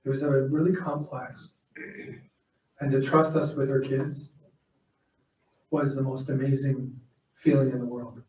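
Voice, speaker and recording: A man's voice: mid-range voice, little pitch movement, unhurried, long pauses, darkish tone, far from the mic, highs cut off. Heartfelt man giving a eulogy, echoey room. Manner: plain storytelling, heartfelt. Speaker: eulogist at a funeral. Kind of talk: personal eulogy and prayer. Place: funeral home chapel.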